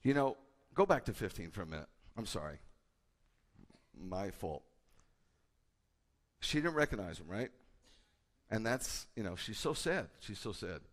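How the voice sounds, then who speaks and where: A man, a rabbi, preaching a sermon with a conversational manner and bursts of loud, emphatic delivery. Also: on the low side, measured pace, pauses often. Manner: animated, rising to loud emphatic peaks. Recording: hall with long reverb.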